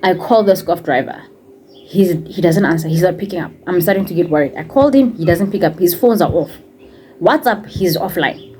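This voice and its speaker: A young woman who vlogs and used to teach tells a personal story in Setswana-accented English, acting out what others said and switching into Setswana phrases. Her lowish voice moves fairly quickly, with slight background noise.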